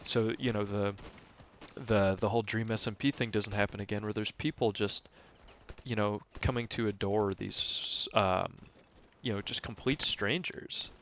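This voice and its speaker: A man's voice: on the low side, steady tone, a little slow, a bit bright, slight background noise. A young man hosting a casual monologue podcast, ranting in an exasperated, rambling way with many fillers and restarts. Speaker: podcast host.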